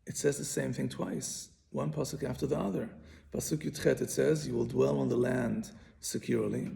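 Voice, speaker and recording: A man's voice: medium pitch, fairly even intonation, moderate pace, gravelly, warm tone. A man teaching a Bible commentary lesson, patiently explaining and often repeating and restarting his phrases. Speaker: Torah teacher.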